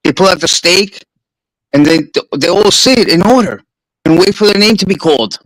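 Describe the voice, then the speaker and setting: A man's voice: high voice, normal speed, no room sound, rough recording. A man with a New York accent, a streamer swapping stories in a casual, profane chat. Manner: profane, animated storyteller.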